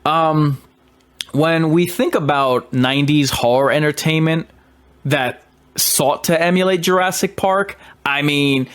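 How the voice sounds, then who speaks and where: A man's voice: a little high, measured pace, a bit bright, clear, resonant tone. A man, a horror host, talking through a film in an emphatic, argumentative monologue with hesitant restarts.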